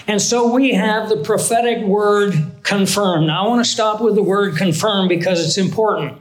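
A man's voice: high voice, reverberant, low-quality recording. A man teaching a Bible lesson in an earnest, conversational sermon style, often asking his listeners questions.

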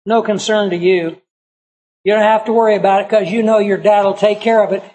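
A man's voice: high-pitched, fairly even intonation, fairly quick, a little mellow, poor audio. A middle-aged man, a pastor, telling a personal story in a sermon in a folksy, conversational way, acting out the people he quotes.

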